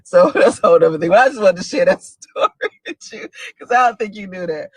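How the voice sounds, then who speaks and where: A woman in her forties tells stories straight to the camera in a dry, close recording. She talks in an animated way, laughing often, and her voice jumps up in pitch for emphasis. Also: quick pace, slightly rough, no echo. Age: 40s. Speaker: single mother telling stories to a friend. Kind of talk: casual monologue video.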